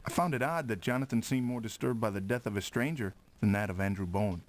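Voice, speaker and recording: An actor voicing a young gentleman who narrates his own investigation in an FMV game, calm and measured. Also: lowish voice, dry recording, lightly acted. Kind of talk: first-person game narration.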